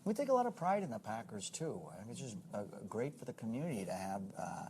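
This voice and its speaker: A man who serves as a city mayor, answering in a conversational interview in a halting, earnest way and often repeating words. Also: medium pitch, wildly swooping pitch, background noise.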